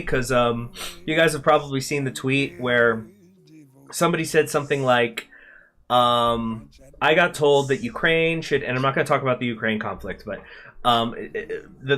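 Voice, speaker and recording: A man's voice: mid-range voice, a bit bright. A man hosting a casual gameplay video, talking to viewers in a rambling, chatty way and swearing freely. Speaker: gaming channel host.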